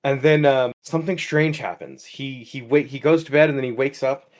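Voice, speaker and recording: A young man co-hosting a comedy podcast, telling an absurd story in halting, rambling bursts. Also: medium pitch. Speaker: podcast co-host. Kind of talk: casual comedic chat.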